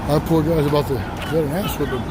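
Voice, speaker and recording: A man vlogging outdoors on a city sidewalk, shouting profane taunts in a confrontational street vlog. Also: on the high side, fairly even intonation, quick pace, a loud crowd, very noisy.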